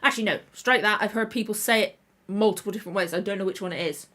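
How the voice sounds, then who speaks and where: She hosts a reaction channel and chats casually on a livestream, rambling and frequently correcting herself while tired and a little tender in the throat. Her mid-range voice is fast and fairly bright.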